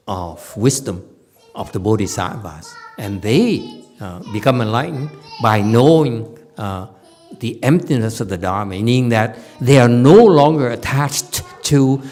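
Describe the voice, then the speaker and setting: Man, Buddhist teacher, Dharma lecture, slow-spoken, playful, laughs a lot, hushed asides. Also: fairly low pitch. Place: temple lecture hall.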